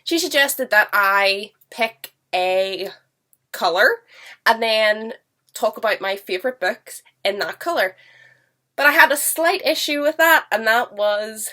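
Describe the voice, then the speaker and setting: A book vlogger chats enthusiastically to camera about books at home, her voice stuffy from a cold. It sits on the high side, sharp-toned and expressive, and she speaks unhurriedly.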